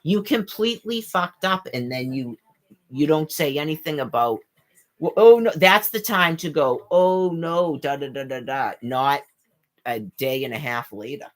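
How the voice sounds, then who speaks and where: An exasperated woman rants straight to camera, swearing and firing off rhetorical questions. Her pitch swings widely from low to high as she mimics others mid-sentence. She stumbles and restarts her words as she goes. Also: a bit bright. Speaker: vlogger. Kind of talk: rambling rant to camera.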